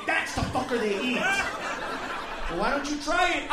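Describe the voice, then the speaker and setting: A man doing a brash, profane stand-up set, yelling punchlines at a live crowd in a comedy club. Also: very high voice, sing-song, a little slow, very noisy. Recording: echoey club audio from far off, crowd laughter.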